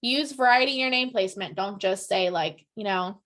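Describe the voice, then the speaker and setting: Upbeat, high-voiced woman giving a training talk. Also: fairly quick, few pauses, a bit bright. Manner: upbeat, chatty, peppers lines with "right?". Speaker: real estate team trainer. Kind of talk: training presentation to colleagues.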